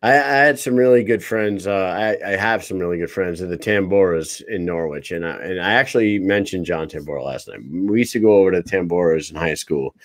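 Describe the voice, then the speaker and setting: A man's voice: sits low, brisk, few pauses, no room sound. A man co-hosting a live podcast, talking in a casual, rambling, profane way. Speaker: podcast co-host. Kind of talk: casual chat.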